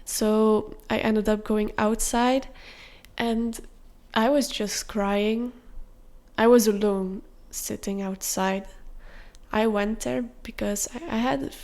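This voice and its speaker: A young woman hosting a podcast, telling a personal story in a candid, confessional way with soft fillers. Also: mid-range voice, fairly even intonation, slow pace. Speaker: podcast host.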